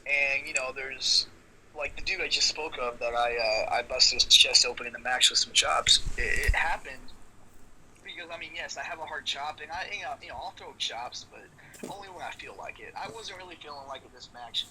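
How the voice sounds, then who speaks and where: A man with a very bright, forceful, slightly high voice tells rough wrestling stories in a relaxed podcast chat. He swears freely and acts out the lines of the people in his stories. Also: moderate pace, a little hiss or hum, low-quality recording. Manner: animated storyteller, swears freely, acts out quotes. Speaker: professional wrestler, podcast guest. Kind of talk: casual storytelling chat.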